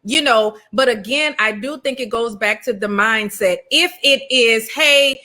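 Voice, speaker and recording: Bright, high-voiced woman hosting a panel. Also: moderate pace. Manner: loud, emphatic, laughs often. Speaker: host. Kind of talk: panel discussion.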